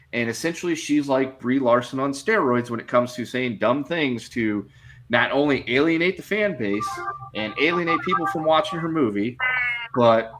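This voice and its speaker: A man co-hosting a podcast in casual chat, telling his picks in a measured, opinionated way. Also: medium pitch, a bit bright. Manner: measured, drawn-out storytelling, opinionated. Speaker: podcast co-host.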